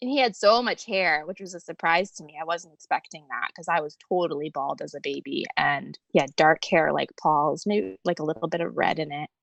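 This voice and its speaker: A woman guest telling her own story in an emotional interview, tender, with soft laughter through tears. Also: low voice, a little fast, gravelly, few pauses, dry recording.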